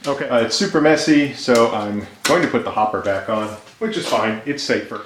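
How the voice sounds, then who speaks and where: A man, a resin maker, chatting casually and enthusiastically to camera, thinking out loud as he works in his home workshop. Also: mid-range voice, fairly quick. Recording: echoey workshop with loud machine noise.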